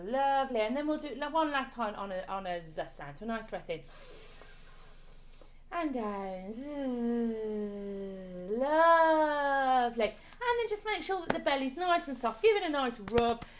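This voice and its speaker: A woman leading an online choir warm-up from home over a video call, chatty and encouraging, coaxing the group along with repeated praise. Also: high-pitched, expressive, normal speed, a little hiss or hum. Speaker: choir leader. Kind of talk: online singing warm-up class.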